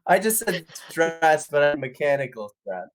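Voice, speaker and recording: A man's voice: a little high, very animated, measured pace. A man from Canada chatting playfully on a livestream as a band guest in a robot persona, joking and restarting his sentences. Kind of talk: casual livestream chat.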